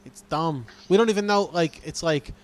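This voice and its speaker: Male co-host, casual and blunt, voice on the higher side. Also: normal speed. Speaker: podcast co-host. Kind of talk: casual chat.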